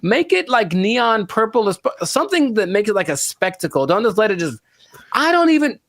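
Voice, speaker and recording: A man on a podcast talks in a loose, rambling way, his voice sitting a bit high. He drifts off quietly at the ends of thoughts and then perks up again when something bugs him. The sound is close and dry, with no room in it. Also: sing-song, a little fast, no room sound. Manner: rambling, trails off quietly, gets worked up. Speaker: podcast co-host. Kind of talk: casual podcast chat.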